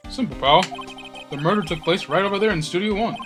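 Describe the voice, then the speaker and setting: A man's voice: high voice, quick pace, lightly acted. A man voicing a dim but eager male police detective in a game, with a folksy, dopey drawl that keeps calling people pal. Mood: insistent. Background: game music.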